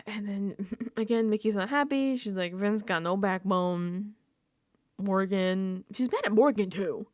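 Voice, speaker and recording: A woman's voice: medium pitch, measured pace, darkish tone, no echo, studio quality. A woman vlogger giving a casual reality TV recap, laughing often and dropping into whispered asides. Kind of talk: casual recap and reaction commentary.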